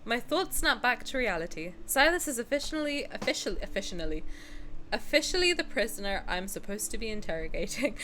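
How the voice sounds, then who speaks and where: Bright-voiced excitable woman streamer. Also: fairly high pitch, fairly quick, faint music behind. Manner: excitable, swears, bursts into loud outcries. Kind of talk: casual gaming reaction stream.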